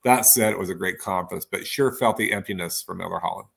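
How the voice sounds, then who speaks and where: Low gravelly enthusiastic man. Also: fairly bright tone. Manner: enthusiastic, rambling, quick agreements. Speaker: podcast co-host. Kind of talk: casual chat about church talks.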